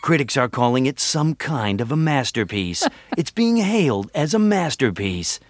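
A man imitating a male movie-trailer announcer who speaks dramatically and drops his pitch at the end of each sentence. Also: big pitch swings, moderate pace. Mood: dramatic.

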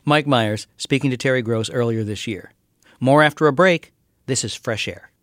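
A man reads the radio show's scripted links in an even, matter-of-fact manner. His pitch is ordinary, neither high nor low, and the sound is dry and close. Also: normal speed, no room sound. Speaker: radio announcer. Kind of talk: scripted announcement.

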